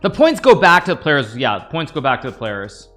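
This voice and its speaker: Man, chess streamer, chatty and rambling, lively pitch, faint music behind. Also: fairly quick. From United States. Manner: chatty, rambling, talks to chat while playing. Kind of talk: live-stream commentary.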